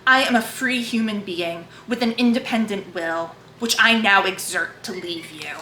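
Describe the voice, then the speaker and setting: Woman reading as a proud defiant governess, firm and passionate, bright voice. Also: medium pitch, moderate pace, a little hiss or hum, lightly acted. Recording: echoey room.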